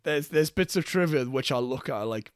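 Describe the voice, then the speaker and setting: A man's voice: medium pitch, animated, moderate pace, dry recording, studio quality. A young man co-hosting a casual film podcast, swearing freely and laughing as he talks. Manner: swearing, laughing, acting out characters' lines. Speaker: podcast co-host.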